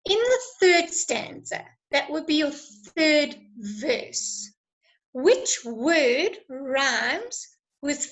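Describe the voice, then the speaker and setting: A woman teacher giving an online lesson, encouraging and praising students, her voice going a little hoarse from talking a lot. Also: high-pitched, a bit bright, low-quality recording. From South Africa. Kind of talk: online lesson with live chat.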